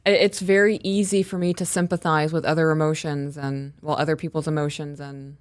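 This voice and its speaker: A woman co-hosting a live podcast, a mother telling lively, animated stories about her kids. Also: sits low, moderate pace, no echo. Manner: animated storyteller, acts out her own raised voice. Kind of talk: casual live podcast chat.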